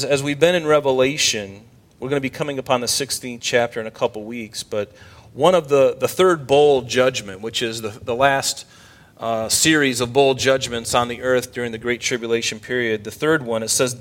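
A man preaching a sermon from the pulpit, his voice sitting at a medium pitch. He talks emphatically and keeps throwing rhetorical questions at his congregation. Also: steady tone, normal speed, fairly bright tone. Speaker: pastor.

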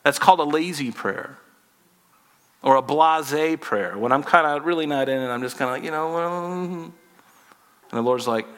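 A man's voice: on the high side, normal speed, big-room sound. A man in his forties preaching a sermon in a conversational, humorous way, acting out little dialogues. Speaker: pastor.

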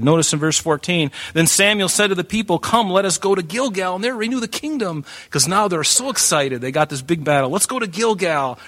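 A man preaching a sermon in an animated way, breaking into joking asides and acting out the voices of the people in his story. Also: on the high side. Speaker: pastor.

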